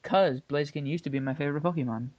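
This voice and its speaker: A man's voice: on the high side, quick pace, darkish tone, no echo. A young man co-hosting a casual podcast over an online call, laughing easily and giving short replies. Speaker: podcast co-host. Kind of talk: casual chat. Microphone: computer mic on an online call. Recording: dry, dull lo-fi online call.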